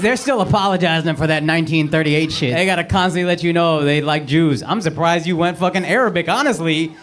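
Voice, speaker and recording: A man doing stand-up crowd work on a club stage, brash and profane, teasing audience members and laughing at his own jokes. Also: very high voice. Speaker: stand-up comedian. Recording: roomy club with loud crowd noise.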